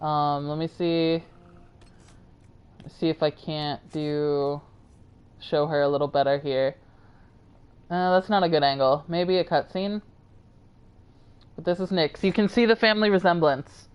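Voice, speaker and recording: A woman's voice: sits low, steady tone, unhurried, pauses often, clear, resonant tone, lo-fi sound. A tired woman streamer chatting casually and rambling to her viewers while she plays a game. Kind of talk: casual live-stream chat.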